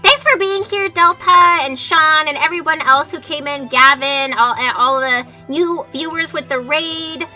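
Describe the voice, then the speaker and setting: A woman streamer chatting live over a game, animated and exasperated, swearing freely, at a desk mic with faint music behind. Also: high-pitched, a little slow, few pauses. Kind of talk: casual livestream chat over a game.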